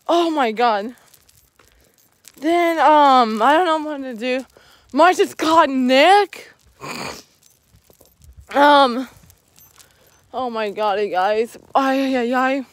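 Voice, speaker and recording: High-voiced, jittery woman vlogging on foot. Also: a bit bright, dry recording. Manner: jittery, rambling, repeats "you guys" often. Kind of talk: walking vlog talking to viewers. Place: outdoors, walking alone.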